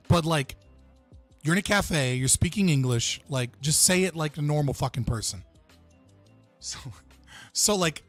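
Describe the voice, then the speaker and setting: A man's voice: on the high side, no echo. A young man hosting a livestream, chatting casually and profanely with his viewers. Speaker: livestream host.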